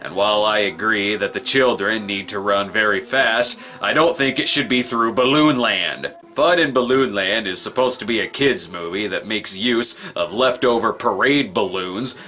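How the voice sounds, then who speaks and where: A man's voice: on the low side, bright, forceful tone. A man reviewing a bad film in a comedic voice-over, sarcastic and profane.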